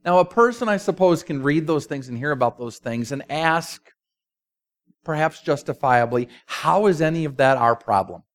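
A man preaching a sermon, telling a story with emphasis and dropping to a quiet voice at times. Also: fairly high pitch, expressive, normal speed.

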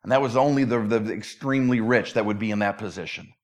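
A man's voice: fairly low pitch, fast talker. A man preaching a sermon in a conversational, emphatic way, often repeating words as he restarts. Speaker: pastor.

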